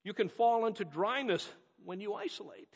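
A man's voice: sits high, lively intonation, normal speed, creaky, slightly rough. A man from North America preaching a sermon as a pastor, earnest and emphatic, repeating key phrases. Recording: dull lo-fi audio with long hall reverb.

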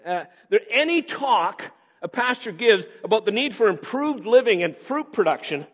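A male pastor preaching a sermon, swinging between raised emphasis and quick, low asides. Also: sing-song, husky. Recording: dull sound with long hall reverb.

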